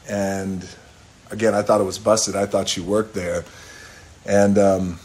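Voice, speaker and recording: A man's voice: on the low side, steady tone, measured pace. A middle-aged man casually telling a rambling story on a phone live stream, swearing offhandedly and breaking into bits of song. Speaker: livestream host telling a story. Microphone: phone camera.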